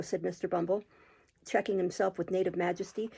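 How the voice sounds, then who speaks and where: Woman with a husky, gravelly reading voice. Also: on the low side, level tone, dark tone. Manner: measured storytelling with occasional slips and restarts. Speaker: audiobook reader. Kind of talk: reading a classic novel aloud.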